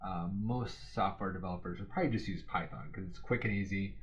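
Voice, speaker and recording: A man with a fairly low voice talks through memory tricks in an easygoing, rambling way. He often stops to correct himself and leans on filler words. The recording sounds dull and lo-fi. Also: a little fast. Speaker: exam study tutor. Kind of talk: casual spoken study lesson.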